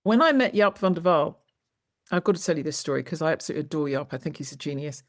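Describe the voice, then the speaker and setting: A woman guest educator in conversation, telling stories in a lively, expressive way. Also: low voice, fast talker. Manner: lively, expressive, acts out quoted lines. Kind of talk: animated storytelling in conversation.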